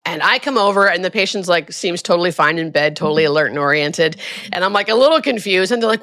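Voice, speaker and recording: A middle-aged woman, a hospice nurse, talking casually in an interview and acting out the people in her stories. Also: fast talker. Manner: animated, acts out quoted voices with high pitch jumps. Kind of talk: conversational storytelling interview.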